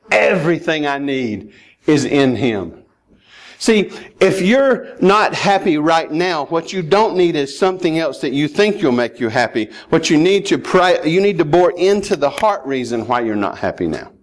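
A male pastor delivers a sermon in a somewhat high-pitched voice. He talks emphatically, pressing his listeners directly and pleading with them. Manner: emphatic, rising to urgent pleading.

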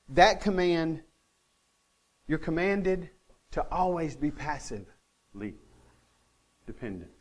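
A male pastor preaching a sermon, earnest with touches of dry humor, swinging between emphatic lines and quiet, intimate ones. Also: mid-range voice.

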